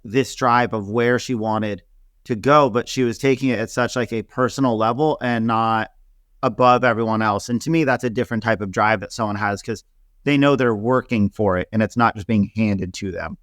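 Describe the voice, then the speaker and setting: A man, a hairstylist guest in an interview, telling casual stories with an animated, chatty manner and lots of filler words. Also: medium pitch, moderate pace, dry recording, clean studio sound. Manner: animated, laughing storyteller with many fillers.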